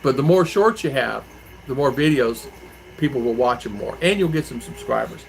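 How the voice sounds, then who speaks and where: A man's voice: medium pitch, lively intonation, moderate pace, gravelly, slight background noise, poor audio. A man from Arizona, hosting a casual live stream and answering viewer comments in a rambling, chatty way. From Arizona, USA.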